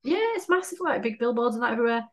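A young woman, co-hosting a casual chat, animated, swearing and laughing often. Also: on the high side, very fast. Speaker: podcast co-host.

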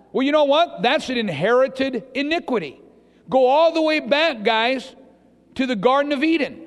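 A high-pitched man preaching a sermon, bouncing between storytelling and questions fired at his congregation. He slips into little voices for the people he quotes. His voice rings out with a long echo in a big church hall. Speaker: pastor.

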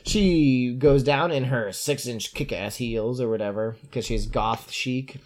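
A podcast host chatting casually as he recaps a book, animated and joking with quick asides. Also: medium pitch.

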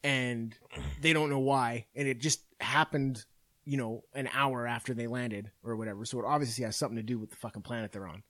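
A man's voice: medium pitch, fairly quick. A man hosting a podcast, recapping a film in casual, profane chat and acting out quoted lines. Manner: profane, animated storytelling with acted quotes. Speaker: podcast host.

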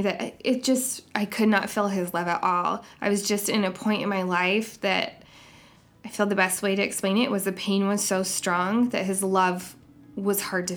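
A woman hosts a devotional podcast with an earnest, reflective manner. Her voice sits at a middle pitch, and she reads scripture aloud in a measured way. She lets a soft laugh slip in as she talks. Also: vocal fry. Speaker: podcast host.

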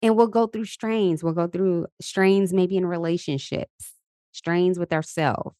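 Low-voiced chatty woman host. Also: a little slow, mellow, dry recording, studio quality. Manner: chatty, upbeat, laughs often, affirmations. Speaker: podcast host. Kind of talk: casual motivational talk. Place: Los Angeles.

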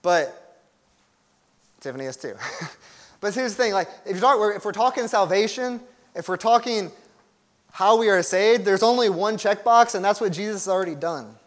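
A man's voice: high voice, animated, normal speed, long pauses. A young adult man preaching a sermon as pastor, earnest and emphatic, with conversational asides.

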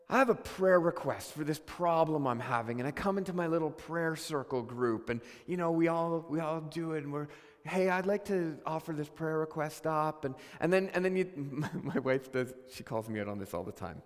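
A man's voice: fairly high pitch, expressive, normal speed, in a large hall. A man preaching a sermon as a pastor, earnest and questioning, often restarting his sentences.

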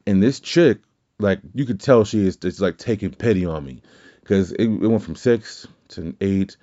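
A man's voice: low voice, moderate pace, warm tone, dull audio. A man hosting a podcast, telling a rambling story in casual chat, swearing freely and correcting himself as he goes. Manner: rambling, profane, self-correcting. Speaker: podcast host.

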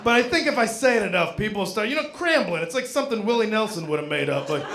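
A man telling a stand-up story, animated, now and then shouting out acted bits of dialogue. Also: sits high, quick pace, gravelly, very noisy. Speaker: stand-up comedian. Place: comedy stage with a live audience. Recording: roomy live room with crowd laughter.

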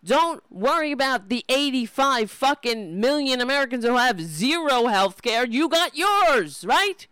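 A man's voice: extremely high pitch, sing-song, a little slow, few pauses, clear, resonant tone, dry recording. A man angrily ranting about politics, swearing constantly, mocking people in put-on voices and admitting he screams at the television. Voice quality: profane, shouting, mocking mimicry. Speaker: political commentary host. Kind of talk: angry ranting commentary.

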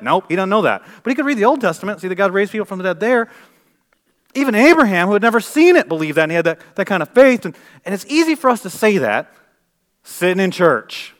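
A man delivers a sermon in a church. His voice sits a little high for a man. He swings from loud, emphatic preaching down to hushed, earnest passages. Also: big pitch swings, fast talker. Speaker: pastor.

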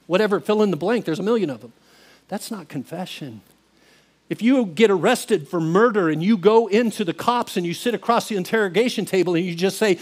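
A man's voice: sits high, lively intonation, brisk. A man preaching a sermon in an earnest, confessional way, acting out his own conversations with God and with a mentor. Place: church.

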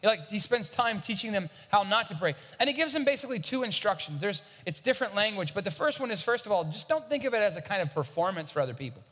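A man's voice: high-pitched, sing-song, quick pace, hardly any pauses, fairly bright tone, big-room sound. A man preaching a sermon as a pastor, talking conversationally and often repeating a word as he starts a thought.

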